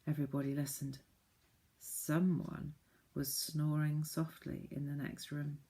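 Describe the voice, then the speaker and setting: A woman narrating a children's storybook with gentle, clear reading. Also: sits low, level tone, measured pace. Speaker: audiobook narrator.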